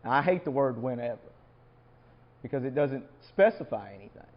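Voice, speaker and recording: A man's voice: medium pitch, expressive, brisk. A man giving an informal Bible lesson as a lay preacher, talking conversationally and asking the room questions. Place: church or coffeehouse meeting room. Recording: dull lo-fi live recording.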